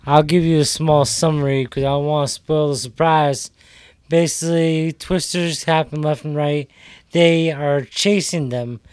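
A man speaking as a radio DJ in relaxed, casual chat. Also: on the high side, dry recording.

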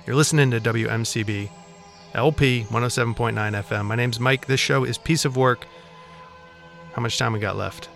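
A male radio DJ talking into a studio mic, joking at his own expense as he rambles through back-announcements. His pitch sits in the middle of the range, and faint music plays underneath. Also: steady tone, moderate pace, vocal fry, a bit bright. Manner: wry, self-mocking, rambling asides.

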